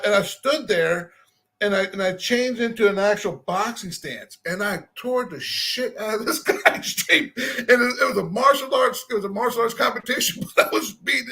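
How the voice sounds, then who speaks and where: Casual male storyteller, self-mocking, raspy fry and a bright, high tone. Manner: rambling, self-deprecating, restarts and laughs.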